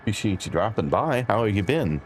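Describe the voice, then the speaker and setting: A man's voice: lowish voice, fairly quick, slight background noise. A man casually chatting with his viewers while playing a game on a live stream. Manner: relaxed, chatty, talks to chat by name.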